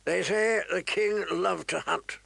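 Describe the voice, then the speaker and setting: A man voicing a gruff old male military commander, growling and commanding, with a gravelly voice. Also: high voice, slow, a bit bright, dry recording, voice pushed up, full character voice.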